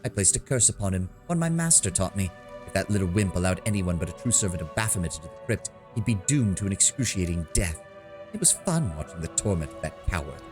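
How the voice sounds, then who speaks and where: A man's voice: low voice, sing-song, fast, music in the background. A man voicing a cruel, gloating female demon cultist, reading game dialogue aloud in a mocking, theatrical way. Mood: taunting.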